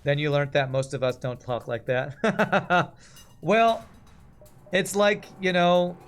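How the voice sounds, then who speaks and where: Faint game music plays as this man in his forties from Texas, USA, talks with an American accent. He's a game streamer who chats and rambles through casual commentary, reading out chat in a slightly high, slow voice with little pitch movement.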